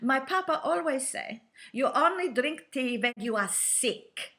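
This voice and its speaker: A woman's voice: high voice, animated, measured pace, fairly bright tone, voice pushed up, full character voice. A woman voicing an insistent elderly lady with a German accent, fussing emphatically about coffee and tea. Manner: emphatic, repetitive, scolding-playful.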